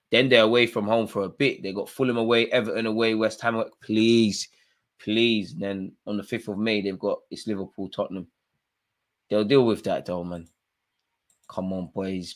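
A man hosting a live football watchalong, reacting loudly to the match with slangy banter and urging players on. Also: on the low side, normal speed. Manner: excitable, shouts at players, slangy.

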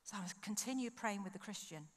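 A woman speaker at a conference, preaching through an animated personal story and acting out her own thoughts. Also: medium pitch, fast talker. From United Kingdom. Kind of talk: sermon with storytelling. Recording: long hall reverb.

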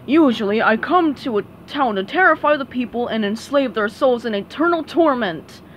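Lady doing a spooky ghost pirate captain, loud and booming, pirate talk, storybook villain. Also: lively intonation, normal speed, slight background noise, close to an everyday voice. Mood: menacing.

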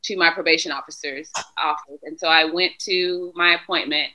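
A woman guest on a podcast, candidly retelling a personal story with lively quoted dialogue. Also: sits low, normal speed, poor audio. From Philadelphia area. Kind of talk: casual conversational storytelling.

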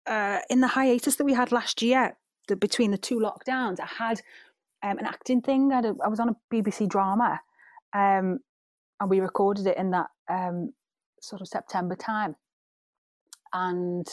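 A woman's voice: mid-range voice, dry recording. A woman in her thirties with a Scouse accent, chatting as a guest in a giggly, rambling way. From Liverpool. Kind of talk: casual interview chat.

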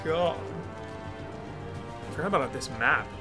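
A man co-hosting a game playthrough, chatting casually, excitable and quick to laugh. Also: on the high side. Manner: excitable, laughs often, talks up the hype. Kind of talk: casual gaming commentary. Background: game music.

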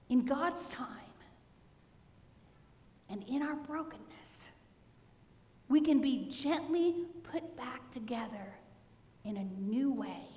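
Lady pastor preaching, kinda high voice, gentle storytelling, long church reverb. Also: slight background noise. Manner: storytelling, soft and earnest, dropping to a hush at key points. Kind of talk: sermon. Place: church sanctuary. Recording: echoey church hall.

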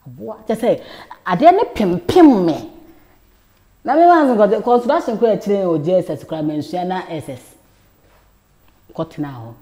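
Low, mellow woman telling a story. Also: normal speed, long pauses. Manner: animated storyteller, drops to a hush for quoted lines. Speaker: talk show guest. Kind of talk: storytelling in a talk show interview.

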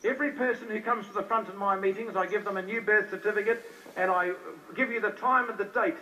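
A man's voice: sits high, fast, pushed and bright, slight background noise. A man preaching an evangelistic sermon to a hall, repeating himself and firing questions at the crowd. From New Zealand. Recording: distant, dull old live recording.

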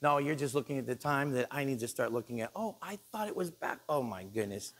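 A male pastor preaching a sermon in a church, animated and joking, acting out the people he quotes. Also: mid-range voice, fairly quick.

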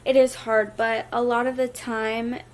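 A young woman vlogging from home with her baby chats casually to viewers, sounding nauseous and worn down and leaning heavily on "like." Her voice sits a little high, with a level tone and a slightly slow pace.

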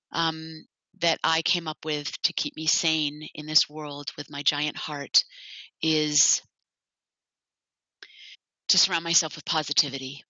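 A woman's voice: sits low, sharp tone, no echo. A woman who founded an animal sanctuary gives a personal talk, telling her story in an earnest, heartfelt way. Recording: dull lo-fi, dry.

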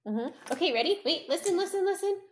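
A young woman teaching a toddler phonics at home, sounding out letters slowly in a sing-song, encouraging way. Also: very high voice, animated, background noise. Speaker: parent teaching a child to read.

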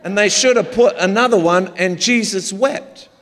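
Man, Australian accent, pastor, high voice, joking storyteller, long reverberant hall. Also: normal speed, slight background noise. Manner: humorous storytelling, animated. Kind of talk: sermon. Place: large church auditorium.

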